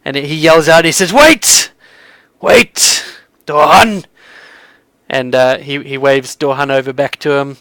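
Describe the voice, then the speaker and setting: A man's voice: medium pitch, steady tone, a little fast, few pauses, a bit bright, clear, resonant tone, no room sound. A man narrating a tabletop game as game master, rambling with lots of fillers.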